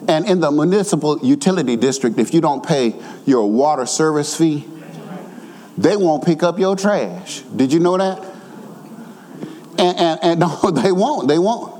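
A man preaching a sermon who swings from quick asides to shouted, half-sung emphasis and repeats his words. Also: a little high, animated, big-room sound, a little hiss or hum.

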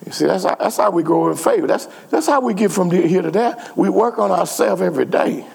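A man's voice: high voice, expressive, brisk, creaky, darkish tone, slightly rough. A man preaching a sermon as pastor, repeating phrases and calling out to his congregation. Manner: repetitive call-and-response preaching. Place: church sanctuary. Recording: long church reverb.

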